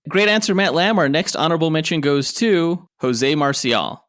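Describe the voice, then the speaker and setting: A man's voice: on the high side, normal speed, a bit bright, no echo, clean studio sound. A man co-hosting a comic book podcast, reading show promos and chatting about news. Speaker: podcast co-host. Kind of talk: casual podcast chat.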